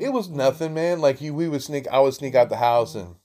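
Profane rambling podcast host. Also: male voice, mid-range voice, expressive, quick pace, a little mellow. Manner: profane, rambling, slangy, with many restarts. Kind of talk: casual storytelling monologue.

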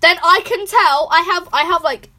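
A woman's voice: extremely high pitch, slight background noise. A teenage girl, hosting a casual chat and animatedly retelling a text conversation. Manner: fast, animated storytelling. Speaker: podcast host. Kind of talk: casual chat, reading out texts.

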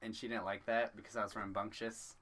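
A man's voice: on the low side, flat delivery, fairly quick, a bit bright. A young man in casual conversation, telling loose stories and swearing freely. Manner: laid-back storyteller, swears freely, mimics voices in bursts. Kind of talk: casual chat.

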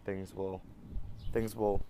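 A man in his thirties hosting a podcast, talking in a rambling, halting way with many restarts and fillers. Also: fairly low pitch, little pitch movement, dark tone, a little hiss or hum. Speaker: podcast host. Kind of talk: casual personal monologue.

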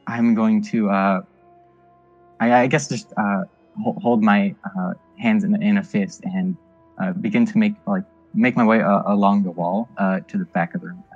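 Player, man: low voice, halting with fillers, dull lo-fi sound. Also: steady tone, darkish tone, soft background music. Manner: hesitant, many fillers, laughs easily. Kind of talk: casual tabletop play. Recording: dull lo-fi audio.

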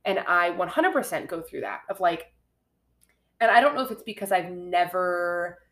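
A woman's voice: fairly low pitch, lively intonation, moderate pace, a bit bright. A woman in her twenties co-hosting a podcast, chatting casually and rambling with many fillers. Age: 20s. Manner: rambling, heavy use of "like", laughs often. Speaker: podcast co-host.

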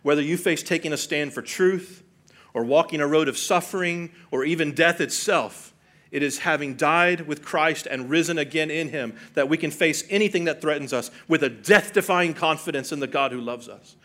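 A man preaching a sermon, earnest and full of rhetorical questions, swinging from hushed and soft to loud and emphatic. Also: a little high, normal speed. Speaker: pastor.

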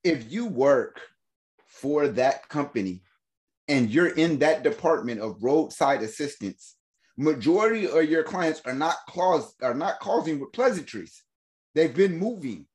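A man telling a long story in casual podcast chat, animated and slangy, laughing often and acting out the voices of the people in it. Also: fairly high pitch, unhurried. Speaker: podcast host.

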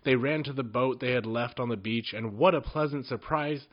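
A man reading a children's storybook aloud with an expressive, sing-song delivery. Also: mid-range voice, normal speed. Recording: dull lo-fi recording.

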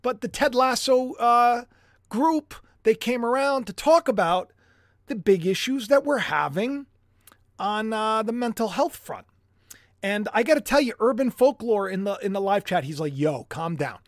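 A man hosting a livestream commentary show, excitable and animated, chatty with jokey asides. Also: very high voice, a little slow, dry recording, studio quality. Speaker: host.

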